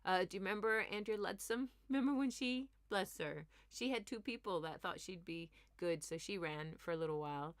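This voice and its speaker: A woman comedian hosting a comic news commentary, talking in an animated, sarcastic, ranting way with quick asides. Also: mid-range voice, dry recording, clean studio sound. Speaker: comedian host.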